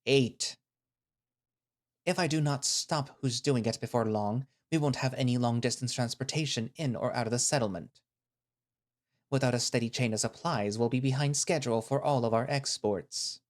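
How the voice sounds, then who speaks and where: A man playing a cold, scornful male settlement leader who speaks slowly and condescendingly, with cutting remarks. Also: medium pitch, natural voice. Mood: contemptuous.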